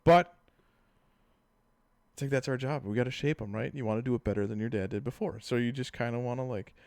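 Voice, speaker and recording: Profane rambling dad on a dry podcast mic. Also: male voice, medium pitch, fairly quick, no echo. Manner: rambling, profane, animated storytelling with acted-out quotes. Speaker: podcast co-host. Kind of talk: casual chat.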